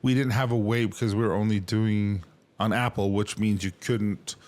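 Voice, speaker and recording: A man's voice: on the low side, fairly even intonation, a little mellow. A middle-aged man co-hosting a podcast, talking casually and emotionally with lots of fillers and restarts. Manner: halting, emotional, many fillers. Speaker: podcast co-host. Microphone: remote recording setup.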